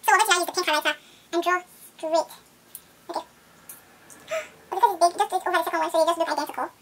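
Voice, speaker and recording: Female vlogger, quick rambling how-to chatter, roomy recording with light hiss. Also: extremely high pitch, a bit bright. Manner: rambling step-by-step commentary. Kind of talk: casual tutorial-style vlog. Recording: echoey room with faint noise.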